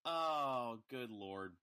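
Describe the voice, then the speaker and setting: A man co-hosting a podcast, talking haltingly with fillers in casual political chat. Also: mid-range voice, bright, forceful tone, clear, resonant tone. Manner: halting, with many fillers and chuckles. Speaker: podcast co-host.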